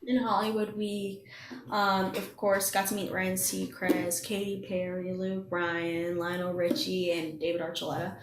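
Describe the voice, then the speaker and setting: Animated young woman telling stories, roomy sound. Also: lowish voice, unhurried, very noisy. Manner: animated storytelling, acts out quotes, laughs often. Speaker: guest, singing contestant. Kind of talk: casual chat. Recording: roomy echo.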